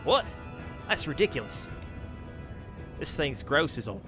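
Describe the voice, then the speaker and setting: A man's voice: on the high side, very animated, measured pace, music in the background. Brief: blunt young game heroine with a mock Australian whisper, done by a male streamer. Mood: scornful. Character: young female Milsha, dismissive and blunt.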